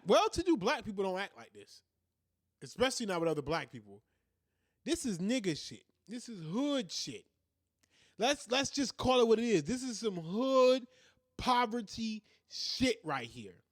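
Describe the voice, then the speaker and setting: Laughing, animated man hosting a podcast. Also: high-pitched, no room sound, clean studio sound. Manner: profane, keeps breaking into laughter. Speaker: podcast host. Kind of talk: casual podcast monologue.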